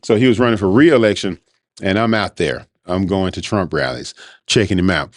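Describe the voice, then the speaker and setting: Low-voiced man rambling casually. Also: normal speed, dry recording, studio quality. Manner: rambling, conversational, informal speech. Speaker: podcast host. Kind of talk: casual monologue.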